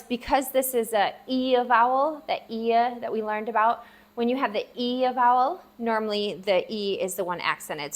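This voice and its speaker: A woman teaching a language lesson, patiently sounding out each syllable several times while writing words out. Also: on the high side. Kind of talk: casual spoken lesson. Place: at a table, writing for the viewer.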